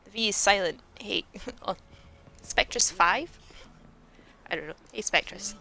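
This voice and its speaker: Woman streamer, sarcastic and joking, bright tone, casual gameplay chatter. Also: mid-range voice, measured pace, vocal fry. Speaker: game streamer.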